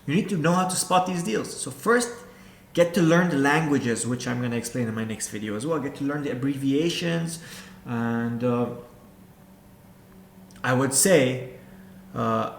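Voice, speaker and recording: A man speaking at an ordinary middle pitch gives hands-on coaching, talking straight to the listener and hammering points home by repeating them. The recording sounds roomy and echoey, with a faint hum of ambience underneath. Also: normal speed, gravelly, long pauses. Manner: direct, repetitive, addresses viewer as you. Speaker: real estate investor and coach. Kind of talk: instructional talk to camera.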